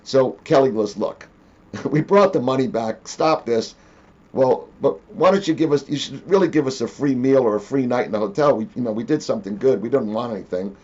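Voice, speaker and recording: A man hosting a casual interview tells his stories with energy and acts out each voice in the dialogue. His voice has an average pitch, and the recording sounds a little dull and muffled. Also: quick pace, hardly any pauses, breathy edge. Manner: animated, acts out quoted dialogue. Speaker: interview host.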